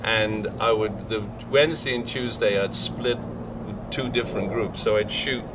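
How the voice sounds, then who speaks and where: A man's voice: lowish voice, normal speed, noisy background. An older man, a film director, answering interview questions in rambling talk with frequent restarts and self-corrections. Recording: voice from a distance from the mic.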